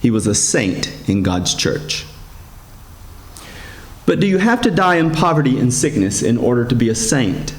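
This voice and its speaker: A man, a priest giving a sermon in a gentle storytelling manner, slowing down and rising in pitch for emphasis. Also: very animated. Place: church. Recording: echoey church sanctuary.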